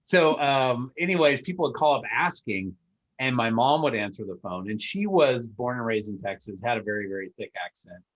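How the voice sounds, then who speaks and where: A man's voice: mid-range voice, animated, moderate pace, low-quality recording. A man hosting a podcast, chatting casually in a loose, rambling way with many fillers. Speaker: podcast host. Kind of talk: casual interview chat.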